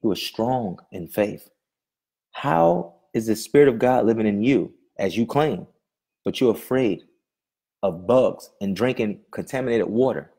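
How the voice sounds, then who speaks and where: A man's voice: fairly low pitch, lively intonation, measured pace, creaky, mellow, slightly rough. A man preaching a sermon with fervor, firing repeated questions at his listeners and often stumbling over his words.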